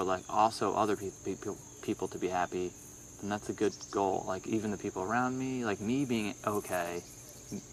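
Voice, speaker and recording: Brief: young male musician, low-pitched, rambling and halting, casual podcast chat. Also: a little hiss or hum. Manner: rambling, halting, many restarts.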